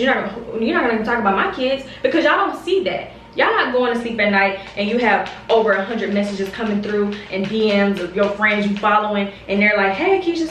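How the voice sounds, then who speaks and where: A young woman vents straight to camera in a heated, confrontational vlog rant, hammering her points by saying them again. Her voice sits a little high. She sounds a step back from the mic in an echoey room with a faint hiss behind her. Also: a bit bright, far from the mic. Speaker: vlogger. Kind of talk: direct-to-camera storytime rant.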